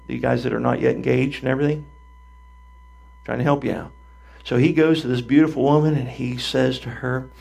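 Older male pastor, gravelly, animated storytelling sermon. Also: medium pitch. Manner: animated storytelling, acting out voices.

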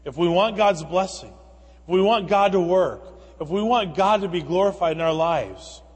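A man with a high voice preaching in a church sanctuary, where his words ring with long reverb. He reads scripture with building emphasis and then breaks it down in plain, conversational terms. This is a pastor delivering a sermon from the pulpit. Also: moderate pace, slightly rough.

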